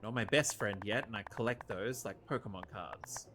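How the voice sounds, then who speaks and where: Over background music, a streamer with a lowish voice speaks at normal speed about his farming game playthrough. His commentary is lively and jokey, and he chats with the characters.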